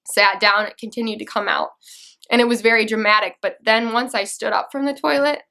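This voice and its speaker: A young woman telling a personal story to camera, earnest and halting, with restarts and fillers. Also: fairly high pitch, fairly even intonation, vocal fry, bright, forceful tone. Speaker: vlogger.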